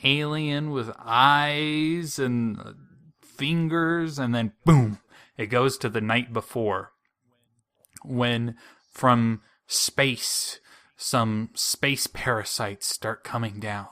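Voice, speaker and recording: A man hosting a podcast, recapping a story in casual, animated, jokey chat. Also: medium pitch, drawn-out words, clean tone. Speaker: podcast host.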